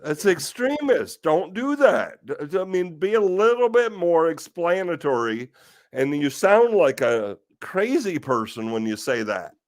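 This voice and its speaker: A man's voice: a little high, very animated, unhurried, no room sound. Exasperated man ranting, dry close sound. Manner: exasperated, swears, rhetorical questions. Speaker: host of a live talk stream. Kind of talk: casual ranting chat.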